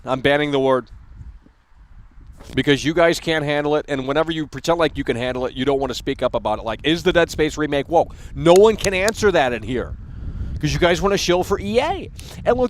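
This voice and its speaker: A man's voice: fairly high pitch, a little hiss or hum. A young adult man hosting a gaming livestream, ranting bluntly and casually with lots of swearing. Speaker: livestream host.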